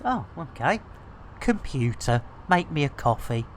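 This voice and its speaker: A man's voice: a little high, very animated, a little slow, slight background noise. A British man gives jokey, rambling commentary on a game stream into a desk mic. His voice bounces up and down constantly. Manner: jokey, rambling, innuendo-laden. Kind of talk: comedic live gameplay commentary.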